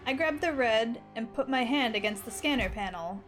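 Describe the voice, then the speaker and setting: A woman streamer reads a visual novel's narration aloud with dramatic flair, her voice sitting a little high. She breaks off for crude asides, with faint game music behind her. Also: lively intonation, normal speed. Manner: dramatic reading, laughing, crude jokes.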